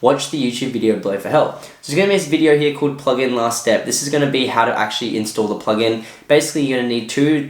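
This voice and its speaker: A man hosting a casual tutorial, talking loosely with lots of filler phrases. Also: medium pitch. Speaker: tutorial host. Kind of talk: casual screen-recorded tutorial. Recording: echoey room.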